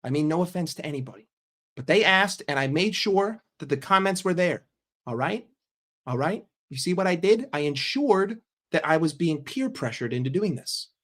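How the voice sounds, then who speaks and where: A man's voice: on the high side, animated, normal speed, fairly bright tone. Brash, profane New man. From New York. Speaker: football vlogger. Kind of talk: casual rant to camera.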